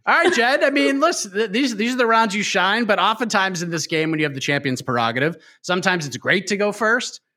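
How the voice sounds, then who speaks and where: Energetic bright-voiced male show host. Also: high-pitched, fairly quick, hardly any pauses. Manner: energetic, playful, plugs upcoming shows. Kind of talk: casual show hosting.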